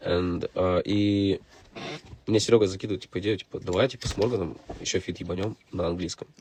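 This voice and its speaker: A man's voice: low-pitched, fairly even intonation, fast talker, darkish tone, a little hiss or hum. A man with a Russian accent, hosting a casual livestream from a recording studio, talking loosely with lots of swearing and laughter. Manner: loose and profane, laughs often. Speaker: stream host and rapper.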